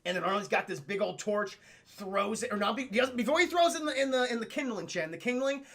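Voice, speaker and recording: A man streaming a casual film recap, animated and profane, often talking to his chat. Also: high-pitched, fast.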